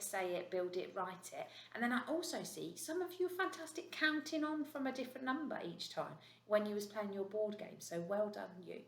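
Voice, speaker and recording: A British woman teaching a recorded maths lesson to young children, slow, clear and encouraging. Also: medium pitch, roomy sound. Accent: British English. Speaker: reception class teacher.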